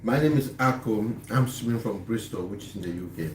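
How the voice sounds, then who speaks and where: A man's voice: on the low side, brisk. A man hosting a casual live stream, chatting and laughing easily as he greets viewers. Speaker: livestream host. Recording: echoey room, faint background noise.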